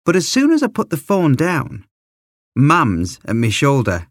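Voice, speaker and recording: A man reading a children's story aloud as a first-person narrator, in a lively, expressive way into a close microphone. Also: a little high, measured pace, no echo. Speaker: audiobook reader.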